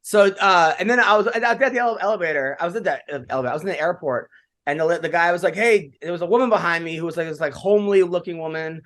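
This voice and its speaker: A man with a noticeably high voice chats casually as a podcast co-host. He rambles through his stories, leaning hard on "like" and restarting his sentences. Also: rapid-fire, fairly bright tone. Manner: rambling storyteller, many "like" fillers. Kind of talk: casual chat.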